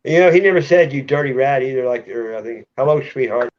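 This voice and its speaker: A man's voice: mid-range voice, fast talker, darkish tone. A man hosting a casual live chat, joking crudely and laughing often. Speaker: channel host. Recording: muffled lo-fi audio.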